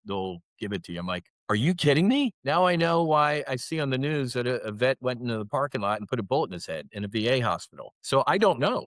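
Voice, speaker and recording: Fifties guy, lowish voice, intense and earnest, keeps restarting then punching words, dry close mic. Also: fairly bright tone, no room sound. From United States. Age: 50s. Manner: earnest, intense, with frequent restarts and emphatic rises. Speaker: podcast guest, former fighter pilot. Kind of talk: candid interview conversation.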